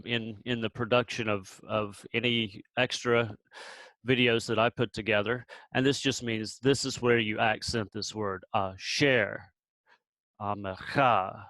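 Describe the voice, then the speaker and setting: A man teaching Biblical Hebrew pronunciation, patient and relaxed, repeating sounds slowly with pauses and restarts. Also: mid-range voice, no room sound, rough recording.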